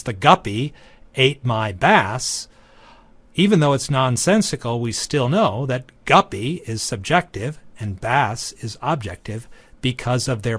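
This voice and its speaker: Man, lecturer, slow measured teaching, dry close sound. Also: medium pitch, dry recording. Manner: deliberate, measured teaching delivery. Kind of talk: recorded classroom lecture.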